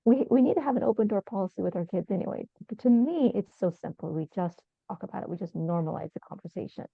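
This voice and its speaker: A woman's voice: mid-range voice, fast talker, gravelly, breathy edge, no echo. A middle-aged woman speaking earnestly and with animation on a panel, repeating her points. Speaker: panelist, survivor advocate. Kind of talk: casual panel discussion. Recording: tinny, phone-like video call sound, dry.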